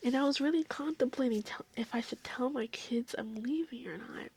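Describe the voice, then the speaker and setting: A young woman telling a long, emotional story in a casual vlog, rambling and often sinking into soft whispers. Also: high-pitched, normal speed, slightly rough. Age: young adult. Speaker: vlogger.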